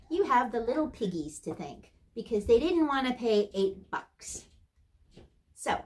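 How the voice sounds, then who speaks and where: A woman playing a sarcastic, blunt cruise guest-services worker in a comedic character monologue, ranting with exasperated asides. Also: on the high side.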